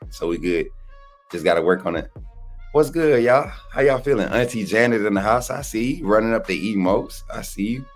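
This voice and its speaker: A man with a hoarse, worn voice, co-hosting a casual live stream and greeting viewers by name. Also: lowish voice, moderate pace, soft background music. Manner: loose, animated, greets chat viewers by name. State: hoarse, voice nearly gone. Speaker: livestream co-host.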